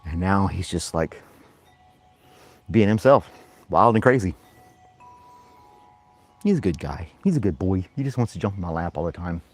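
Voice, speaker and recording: Male host, casual live chat, playful dog talk, breathless, very lively pitch. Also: moderate pace, long pauses, faint music behind. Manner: playful baby-talk to his dog, high and loud.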